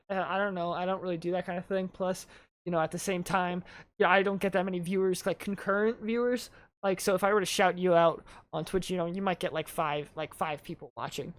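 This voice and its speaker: Rambling man hosting a casual podcast. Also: high-pitched. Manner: rambling storyteller, heavy use of "like". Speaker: podcast host.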